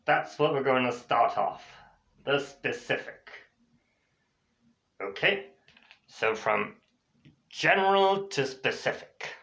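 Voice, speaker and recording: A man teaching an English class in a lively, chatty way, explaining a role-play exercise and voicing the example phrases at a higher pitch. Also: takes it slowly, creaky, long pauses. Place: lives in Spain. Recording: dull lo-fi recording.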